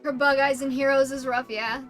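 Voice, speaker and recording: A woman's voice: sits high, little pitch movement, moderate pace, a bit bright, faint music behind. A young woman streamer giving casual, crude and sarcastic gameplay commentary.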